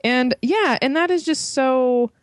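A woman's voice: high-pitched, measured pace, no room sound, studio quality. A young woman co-hosting a podcast, chatting casually about a film, with lots of fillers and frequent laughs. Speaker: podcast co-host, film reviewer.

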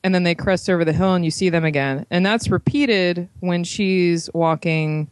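A person in a casual film discussion, earnestly building up a point about a scene with many pauses and "like"s. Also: mid-range voice, no echo, rough recording.

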